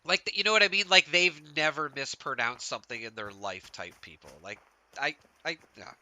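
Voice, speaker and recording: A man's voice: a little high, a little fast, pushed and bright, slight background noise. A man from Canada live-streaming a game, chatting casually, rambling with lots of "like" and frequent laughs. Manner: rambling, laughs often, heavy use of "like". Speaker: gaming streamer.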